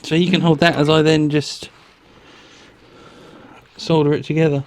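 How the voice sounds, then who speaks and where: Gravelly man explaining wiring. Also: fairly high pitch, little pitch movement, normal speed. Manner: step-by-step explanatory. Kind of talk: instructional workshop talk.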